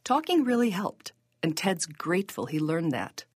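A woman with a low, husky voice reads scripted podcast narration in a measured, reflective way. Her pitch moves expressively, and the sound is close and dry. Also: very animated, no room sound.

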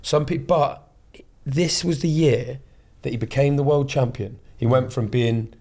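Male podcast co-host, casual banter, playful and lively delivery. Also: medium pitch, unhurried. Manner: chatty, playful, excitable. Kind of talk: casual chat.

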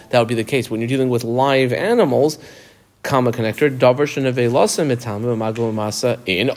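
A man's voice: medium pitch, darkish tone. A man teaching a text lesson, explaining step by step and asking questions as he goes. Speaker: Talmud teacher.

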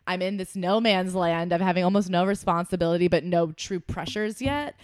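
A woman's voice: on the low side, fairly quick, clean tone, no echo, clean studio sound. A young woman co-hosting a podcast, telling stories in casual chat with lots of laughter and acted-out voices of other people. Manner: animated storytelling, frequent laughter, acts out quoted people. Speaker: podcast co-host.

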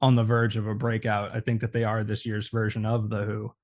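A man's voice: fairly low pitch, completely flat delivery, brisk. A man co-hosting a music podcast in casual chat, enthusiastic and rambling, with many fillers. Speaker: podcast co-host.

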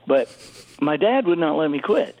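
A middle-aged man from Alabama, an author telling stories in an interview, animated and full of restarts. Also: on the high side, moderate pace. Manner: animated storyteller with many restarts. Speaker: author guest. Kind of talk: conversational storytelling interview. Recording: tinny phone-like line.

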